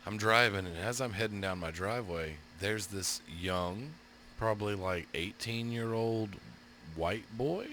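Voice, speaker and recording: A man, co-hosting a podcast and telling profane, animated stories. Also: fairly low pitch, measured pace, slight background noise. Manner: profane, animated storyteller who acts out his own yelling. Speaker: podcast co-host. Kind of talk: casual storytelling chat.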